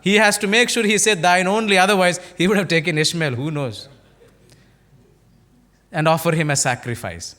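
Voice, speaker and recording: A man's voice: on the high side, normal speed, pauses often, pushed and bright. A male pastor with an Indian English accent preaching a sermon, telling stories and acting out their dialogue, often asking the congregation rhetorical questions. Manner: storytelling, acting out dialogue in varied voices.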